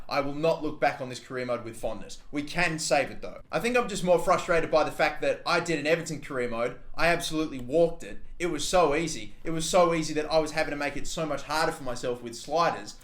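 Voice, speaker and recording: A man's voice: a little high, fairly bright tone. A man in his twenties giving profane, chatty commentary over a football video game and talking straight to his viewers. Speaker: gaming YouTuber. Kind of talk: live gameplay commentary. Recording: roomy with faint background noise.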